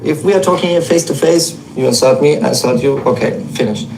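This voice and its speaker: Deep-voiced woman, halting explainer, echoey room. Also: darkish tone, a little hiss or hum. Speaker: interviewee. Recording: roomy echoey interview.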